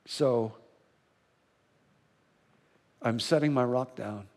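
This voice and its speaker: A male pastor preaching a sermon in a church, telling a story with earnest, slow and emphatic repetition. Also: medium pitch, big-room sound. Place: church sanctuary.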